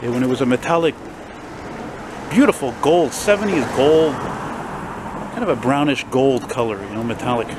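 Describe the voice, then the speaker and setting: On a city street with a noisy background, a Montreal man in his forties talks to camera about an old car at normal speed. His medium-pitched voice has lively intonation and he pauses often, rambling with enthusiasm and lots of fillers as a classic car vlogger.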